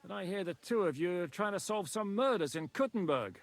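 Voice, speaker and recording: Game dialogue: high-voiced, curt rebel commander who swears, dry close sound. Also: male voice, lively intonation, brisk, no room sound. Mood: stern. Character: blunt, cursing male rebel commander. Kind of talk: video game voice acting.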